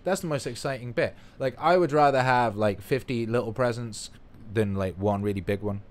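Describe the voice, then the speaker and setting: A man's voice: mid-range voice, normal speed. A man hosting a livestream, reading out viewer comments in a rambling, playful, profane chat. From United Kingdom. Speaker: livestream host.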